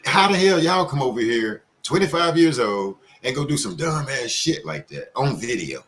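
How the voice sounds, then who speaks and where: A man's voice: fairly high pitch, animated, moderate pace, gravelly, fairly bright tone. Male panel host, blunt and profane, rambling heated talk over an online call.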